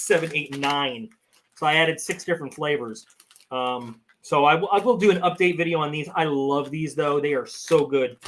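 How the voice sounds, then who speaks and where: A man's voice: fairly high pitch, fairly bright tone, a little hiss or hum. A man hosting a casual live stream, chatting loosely to his viewers and rambling between topics. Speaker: channel host.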